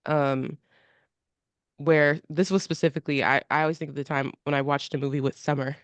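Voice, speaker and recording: A woman's voice: deep voice, steady tone, a little fast, no echo. A woman co-hosting a casual podcast chat, asking questions in a chatty way with many fillers and frequent laughs.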